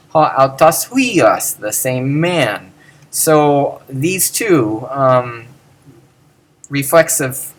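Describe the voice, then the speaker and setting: Man, middle-aged, slow pace, unscripted lecture, many fillers and restarts. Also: medium pitch, a bit bright. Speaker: lecturer on Greek pronunciation.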